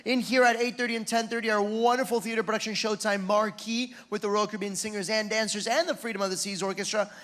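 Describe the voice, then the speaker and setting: A man's voice: sits high, level tone, quick pace, few pauses, a bit bright. A man working as a cruise director, making upbeat emcee announcements from a ship's theater stage.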